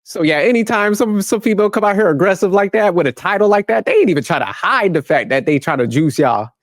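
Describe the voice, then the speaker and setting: A man's voice: high voice, animated, quick pace, no room sound, clean studio sound. A man hosting a reaction commentary, ranting bluntly in profane street slang. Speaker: commentary channel host.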